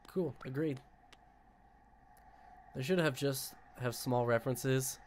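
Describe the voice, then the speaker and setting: Excitable, foul-mouthed young male streamer. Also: mid-range voice, slow pace, pauses often, slight background noise. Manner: excitable, swears freely, rambling asides. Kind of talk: casual gaming commentary.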